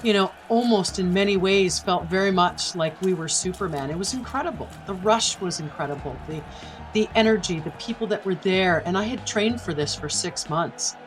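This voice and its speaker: A woman's voice: on the low side, moderate pace, rough recording. A middle-aged woman from Canada, a podcast guest vividly and emotionally retelling a personal story.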